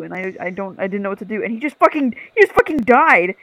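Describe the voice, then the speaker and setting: A woman's voice: fairly high pitch, animated, a little fast, a bit bright, low-quality recording. A young woman co-hosting a podcast, telling a long story in loose casual chat. She swears freely and laughs between lines.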